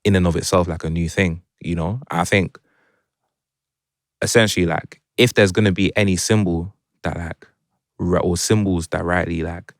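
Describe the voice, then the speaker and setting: A young man speaks in a low voice, with a London accent touched by a Jamaican twang. He talks in a laid-back, reflective way, often checking in with his listener. The sound is dry and close. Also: steady tone, moderate pace, creaky, no echo. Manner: reflective, laid-back, heavy with filler phrases. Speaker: guest musician. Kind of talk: casual conversation.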